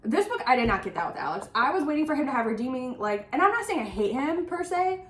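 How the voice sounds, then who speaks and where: A woman with a slightly high voice rants about a book in casual, animated bursts, leaning on "like" as she goes. Her voice rings in a roomy, echoey space. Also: fast. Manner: animated, exasperated ranting with frequent "like". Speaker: book podcast co-host. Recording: roomy echo.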